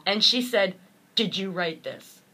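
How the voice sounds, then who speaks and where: A woman's voice: medium pitch, a little slow, sharp tone, breathy edge. A woman motivational speaker, earnest and heartfelt, telling a personal story in an interview and acting out the voices of the people in it.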